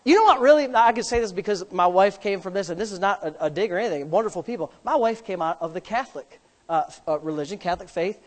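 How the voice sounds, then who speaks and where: High-voiced man preaching a sermon. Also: fast talker. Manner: emphatic preaching, swings from soft asides to loud shouts; jokes with the congregation. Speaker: pastor.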